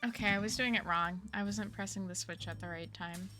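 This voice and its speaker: A woman's voice: mid-range voice, brisk, music in the background. A woman streaming a mystery game, chatting casually, reading chat aloud and reacting with gasps and laughs.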